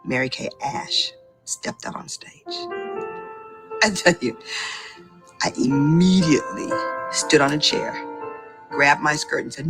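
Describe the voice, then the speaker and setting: Low-voiced woman, animated personal testimonial, faint music bed. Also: a little slow, vocal fry, long pauses. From Boston area. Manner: animated storyteller with excited outbursts. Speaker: beauty consultant telling her story.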